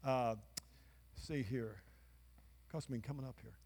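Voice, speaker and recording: In a church sanctuary, a pastor preaches emphatically and trades call-and-response with the congregation. His mid-range voice is slow, a little mellow, and slightly rough, carried by long hall reverb.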